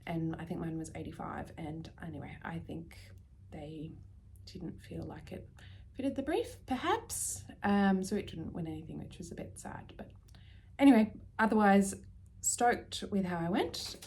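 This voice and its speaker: An Australian woman vlogging casually about her knitting, chatty and prone to dropping into soft, near-whispered asides. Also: lowish voice. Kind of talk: casual chat.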